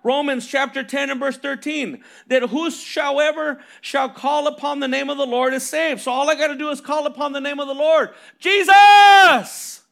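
A man's voice: extremely high pitch, flat delivery, brisk, gravelly, hardly any pauses, fairly bright tone. A man preaching a sermon, reading scripture and asking rhetorical questions punctuated with "amen" and "right?".

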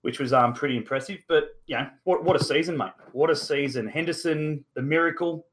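A man's voice: fairly high pitch, brisk, a bit bright, a little hiss or hum. An Australian man in his thirties hosting a casual sports podcast, rambling with lots of fillers and the odd mild swear. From Newcastle, Australia. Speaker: podcast host.

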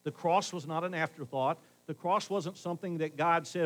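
A middle-aged man preaching a sermon as pastor in a conversational way, swinging between loud emphasis and hushed asides. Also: fairly high pitch, steady tone, moderate pace, hardly any pauses, poor audio.

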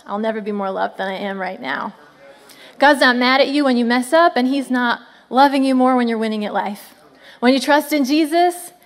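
A high-voiced woman in her thirties preaching to families. She swings between bright, lively calls to the crowd and softer, slower lines. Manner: animated, frequent "come on" calls to the crowd. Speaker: children's ministry speaker. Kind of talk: sermon to families.

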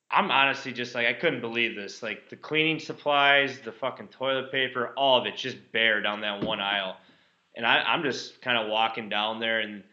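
A man's voice: mid-range voice, roomy sound. A man co-hosting a casual podcast chat, swearing freely and telling stories with energy. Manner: swears freely, animated storytelling. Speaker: podcast co-host. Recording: slightly dull lo-fi audio.

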